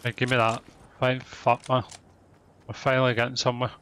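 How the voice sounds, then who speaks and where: Frustrated male gamer, ranting and cursing mid-match, ordinary-pitched voice, gunfire faintly behind. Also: monotone, fairly quick, a bit bright, a little hiss or hum. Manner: angry, swearing, ranting. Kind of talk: gameplay commentary.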